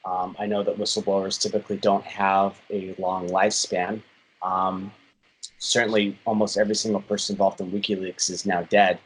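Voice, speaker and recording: A man's voice: low-pitched, little pitch movement, normal speed, husky, poor audio. A man in his thirties telling stories in a conversational interview, with frequent fillers. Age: 30s. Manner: chatty storytelling, frequent fillers. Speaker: interview guest.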